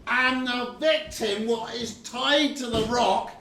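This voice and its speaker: A woman acting a dim, gloating pirate henchman in a pantomime, with a slow drawl. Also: fairly high pitch, crowd noise. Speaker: amateur stage actor. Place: community stage hall. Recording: echoey hall from far off, noisy.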